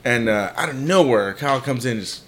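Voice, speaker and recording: A man's voice: medium pitch, animated, brisk. A man who is a guest on a podcast, telling a rowdy anecdote in casual, profane chat. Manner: laid-back, swearing anecdote teller.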